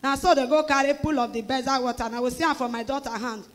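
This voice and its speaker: A middle-aged woman with a Nigerian Pidgin English accent testifies emotionally before her church, speaking quickly in a high voice. She acts out the voices of others and bursts into animated exclamations.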